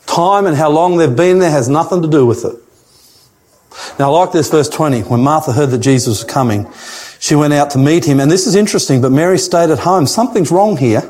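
A man's voice: on the high side, fairly quick, darkish tone. An older man preaching a sermon, emphatic and repeating his key phrases. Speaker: pastor.

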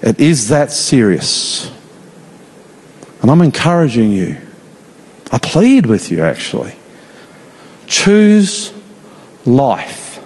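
A man preaching a sermon in an earnest, pleading, slow and emphatic way. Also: mid-range voice, very animated, a little mellow, breathy edge. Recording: long reverb of a large hall.

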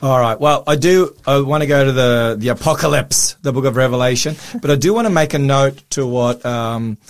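Earnest croaky-voiced pastor man. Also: mid-range voice, fairly quick. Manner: earnest, explanatory, with restarts. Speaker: pastor, co-host. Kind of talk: Bible study talk show.

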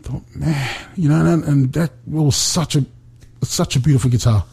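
A middle-aged man speaks earnestly about faith, often stopping and restarting his sentences. His voice is mellow and a little husky. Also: a little high. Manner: earnest, halting, many restarts. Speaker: guest speaker. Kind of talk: faith talk on a remote call.

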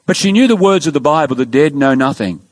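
A man preaching a sermon, telling stories with earnest emphasis and dramatic pauses. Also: on the high side, expressive. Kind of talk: sermon storytelling.

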